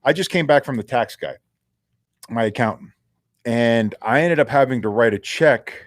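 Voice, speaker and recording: A man's voice: medium pitch, normal speed, no echo, studio quality. Candid man telling locker-room stories. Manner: animated storyteller, swears casually. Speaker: co-host, former pro football player. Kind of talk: casual sports talk.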